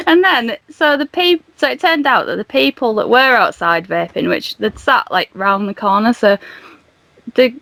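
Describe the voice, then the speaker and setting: In a dry recording, a young woman's fairly high, creaky voice unfolds unhurriedly. She's a podcast guest telling a story in a casual, animated way, laughing and performing the dialogue in her retelling.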